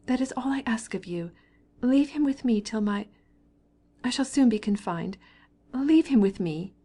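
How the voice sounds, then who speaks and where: A woman's voice: on the low side, normal speed, mellow, lightly acted. A woman reading a desperate young wife who pleads through tears. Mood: pleading. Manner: pleading, tearful.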